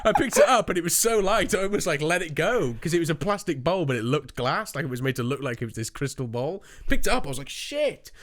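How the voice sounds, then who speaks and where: A man's voice: on the high side, expressive, quick pace, hardly any pauses, fairly bright tone. A young man, rambling through a story in casual podcast chat, swearing and mimicking people. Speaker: podcast co-host.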